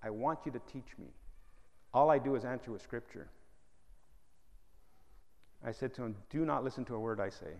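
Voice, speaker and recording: A man with a gravelly, fry-edged voice preaches with emphatic humor. Long reverb from the hall trails his words. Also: medium pitch, normal speed, long pauses, a little mellow. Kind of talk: sermon.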